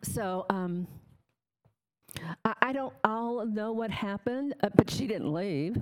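A woman shares a candid, plainspoken personal faith testimony with an audience, growing emotional and tearful at times. Her medium-pitched voice has lively intonation and a slow pace, captured in a rough recording with slight background noise.

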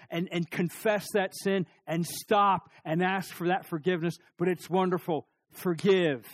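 A middle-aged man preaching a sermon, telling stories with lively emphasis, asking the congregation questions, and dropping to a near-whisper for serious points. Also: sits high, a little slow, no echo. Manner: animated storytelling, rising emphasis and sudden drops to near-whisper. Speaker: pastor.

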